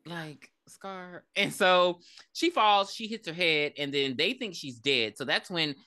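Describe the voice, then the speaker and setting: A woman co-hosting a podcast, recapping a horror movie in casual, profane, animated chat. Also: on the low side, a little slow. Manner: profane, animated storytelling with laughs. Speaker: podcast co-host. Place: podcast recording.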